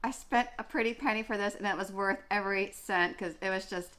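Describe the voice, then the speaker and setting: Bright-voiced chatty woman. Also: medium pitch, a little fast. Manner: chatty, gushing, many fillers and restarts. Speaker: running vlogger. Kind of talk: casual chat.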